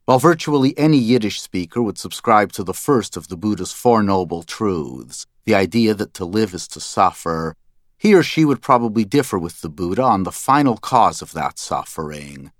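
A man's voice: on the low side, expressive, normal speed, no echo, clean studio sound. A man narrating a first-person story in a scripted, wry and dryly humorous way.

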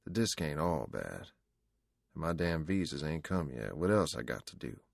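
A man voicing a sullen, wisecracking kid, deep and gravelly. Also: big pitch swings, moderate pace, no room sound, clean studio sound, full character voice. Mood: earnest. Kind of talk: audiobook character voice.

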